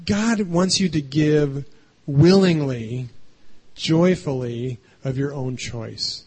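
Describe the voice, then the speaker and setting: A man delivering a sermon in a loose, conversational way, often tagging his points with a quick "right?". His voice is husky and sits fairly high. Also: darkish tone. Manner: chatty, keeps adding "right?". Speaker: pastor.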